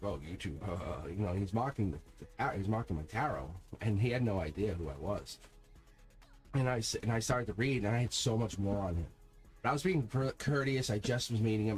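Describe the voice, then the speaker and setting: A middle-aged man with a lowish voice chats casually as a tarot reader on a live stream. He tells a story in an animated, rambling way, laughing a lot and restarting often.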